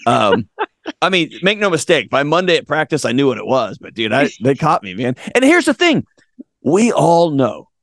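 Middle-aged man, animated storyteller, gravelly tone, dry close mic. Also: a little high, normal speed, no room sound. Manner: lively storyteller, acts out voices, laughs at himself. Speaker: podcast guest.

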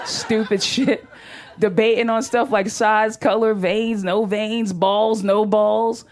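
A woman's voice: mid-range voice, steady tone, moderate pace. A young woman doing a stand-up comedy set on a club stage, brash and profane, laughing through her punchlines into a handheld mic.

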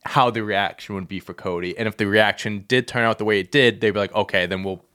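A man's voice: quick pace, clear, resonant tone. A man co-hosting a podcast, talking through wrestling storylines in casual chat and getting heated as he goes. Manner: animated, heated rants that climb in pitch. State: out of breath. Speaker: podcast co-host.

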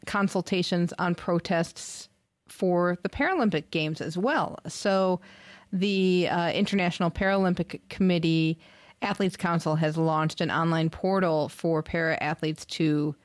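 A woman's voice: fairly low pitch, no echo, clean studio sound. A woman hosting a podcast in casual chat, sharing news in an upbeat, enthusiastic way. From United States. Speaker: podcast host.

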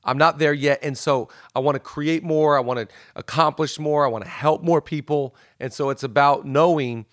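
A man's voice: a little high, fairly bright tone, no room sound, clean studio sound. A man hosting a podcast, enthusiastic and effusive, chatting casually. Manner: enthusiastic, effusive, quick affirmations. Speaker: podcast host.

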